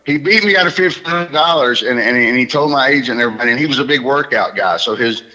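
A man from Alabama with a Southern accent softened by years in New York, a stand-up comedian telling a story on a radio phone-in, animated and full of quick restarts. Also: medium pitch, low-quality recording. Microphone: phone line.

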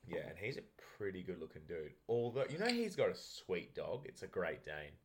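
A man's voice: deep voice, huge pitch swings, normal speed, noisy background. A young Australian man co-hosting a casual sports podcast, rambling through footy stories and swearing offhandedly. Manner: rambling, laid-back storyteller, swears casually. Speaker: podcast co-host.

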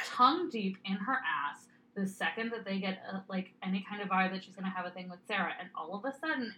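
Sardonic bright podcast co-host, woman's pitch. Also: a little hiss or hum, rough recording. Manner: sardonic, profane, fast tangents. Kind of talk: casual fan podcast chat.

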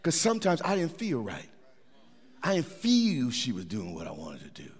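A middle-aged pastor preaches in a church sanctuary, his medium-pitched, slightly rough voice swooping wildly up and down at a moderate pace. He speaks conversationally, repeating words and restarting, while a long hall reverb trails behind.

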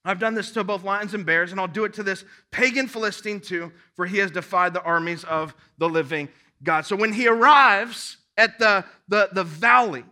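A man's voice: high voice, normal speed, bright, forceful tone. A man preaching a sermon, reading scripture aloud and breaking off to exhort his listeners with rising emphasis. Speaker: pastor.

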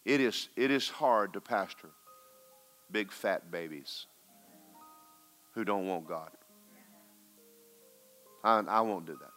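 Bright-voiced preacher swinging loud to hushed. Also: male voice, fairly low pitch, slow pace, long pauses, faint music behind. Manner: swings from loud urgent exhortation to hushed recounting. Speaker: pastor. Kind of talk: storytelling sermon.

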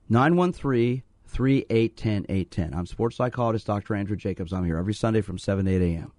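A man's voice: on the low side, a little mellow, no room sound. A man hosting a call-in radio show as a sports psychologist, talking earnestly and telling stories to encourage listeners to call. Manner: earnest, storytelling, repeats phone number.

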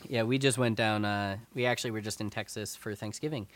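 A man's voice: fairly low pitch, fairly even intonation, a little fast, fairly bright tone, no echo. Brief: Pacific Northwest American man, thirties, rambling casual chat, dry close sound. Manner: rambling, many fillers and restarts.

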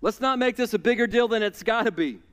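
A man's voice: high-pitched, quick pace, fairly bright tone, voice pushed up. A preacher putting on a coaxing, menacing king. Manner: wheedling and coaxing, turning to threats. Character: smooth-talking, menacing ancient king, middle-aged man. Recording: long reverb in a large hall.

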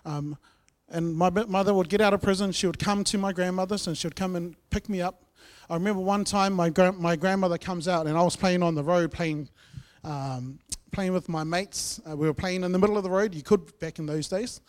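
A man sharing his personal testimony in church, telling his story earnestly, with swings between loud and soft. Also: high-pitched, steady tone, fairly quick, few pauses. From New Zealand. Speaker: guest speaker sharing testimony.

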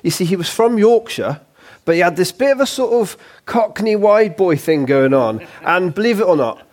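A man's voice: high-pitched, expressive, fairly quick. A man preaching a sermon as a guest speaker, in a chatty, informal way with rhetorical questions.

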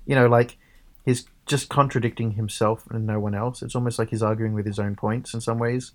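A man's voice: on the low side, flat delivery, a little fast. A man giving casual commentary, thinking aloud with many ums and restarts. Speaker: co-host reacting to a debate.

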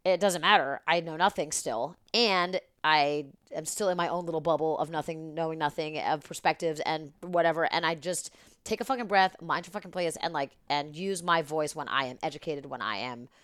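Woman guest, low voice, dry close mic, rambling and profane storyteller. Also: moderate pace, smooth, no room sound. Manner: rambling, animated, swears freely. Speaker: podcast guest. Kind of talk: casual storytelling chat.

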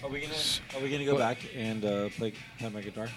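A man chatting casually, excitable and stumbling over repeated words. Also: mid-range voice, quick pace, over music. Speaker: golfer and guest. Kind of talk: casual chat.

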